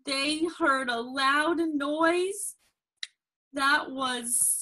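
A woman reading a picture book aloud to a child, slow and expressive, with gasps and prompting questions. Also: high voice. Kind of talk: storybook read-aloud.

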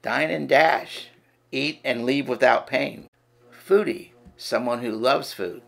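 Male ESL narrator, slow, a bit gravelly, plain teaching read. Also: medium pitch, fairly bright tone. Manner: slow, listing terms one by one.

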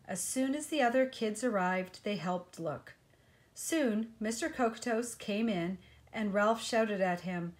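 A woman reading a children's picture book aloud in a gentle, unhurried way. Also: mid-range voice. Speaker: storyteller.

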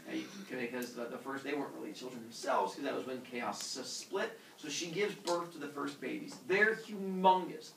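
A man teaching a class, retelling a myth in a jokey, animated way and acting out the characters. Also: mid-range voice, normal speed, gravelly, few pauses, a little hiss or hum. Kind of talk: classroom storytelling. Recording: echoey classroom from far off.

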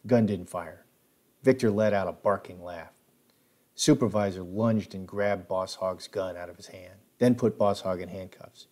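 A man's voice: low-pitched, measured pace, darkish tone. A man recounting his own life story in a casual, spoken way with plenty of filler words. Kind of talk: casual spoken memoir narration.

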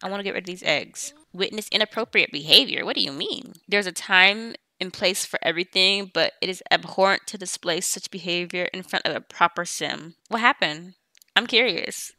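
A woman's voice: on the low side, normal speed, pushed and bright, no room sound. A woman casually commenting on her gameplay. She chats in loose, slangy speech while bossing and teasing her game characters. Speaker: let's play host.

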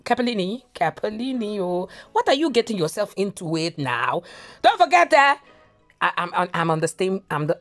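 Woman, YouTube drama reporter, playful exclamations, lively pitch, slightly high. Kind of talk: drama commentary vlog.

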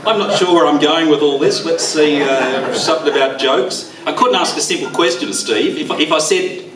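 A man giving a rambling, halting memorial speech, teary, with a quaver in his voice. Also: a little high, over a noisy crowd. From Australia. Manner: rambling, halting, with many fillers. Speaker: eulogy speaker. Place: bowls club hall. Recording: echoey room, far from mic.

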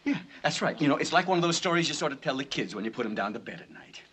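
An actor playing a brash, fast-talking gangster in a 1960s film comedy, with a husky voice and street slang. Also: male voice, on the high side, very animated, fairly bright tone, full character voice. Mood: defiant.

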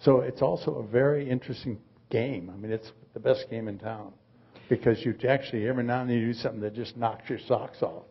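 Older male artist in his 80s, raspy, rambling, dry humor, muffled event audio. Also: medium pitch, steady tone, quick pace. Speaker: artist, guest. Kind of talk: live onstage conversation.

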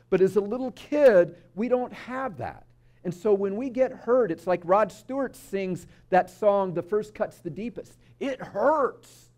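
Lively, conversational male preacher. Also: high-pitched. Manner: conversational, storytelling with audience asides. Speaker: speaker at a spiritual community service. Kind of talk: sermon. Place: church service.

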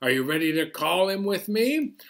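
A man's voice: high voice, sing-song, creaky, fairly bright tone. A man hosting a library storytime for young children, chatting and singing cheerfully while strumming a banjo. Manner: slow, cheerful, sing-song delivery to kids, playing banjo. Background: banjo accompaniment.

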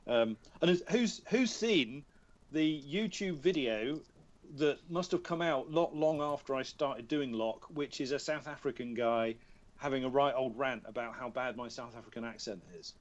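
A man's voice: mid-range voice, moderate pace, muffled recording. A man, a voice actor guest chatting on a podcast and telling amused stories about his work. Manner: chatty, self-amused storyteller. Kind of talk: casual podcast chat. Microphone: remote call.

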